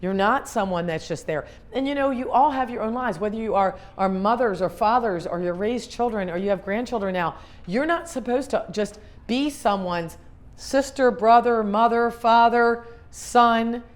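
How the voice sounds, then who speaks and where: A woman's voice: fairly high pitch, normal speed. A middle-aged woman, a grief specialist, giving an earnest motivational talk to an audience, repeating her questions for emphasis.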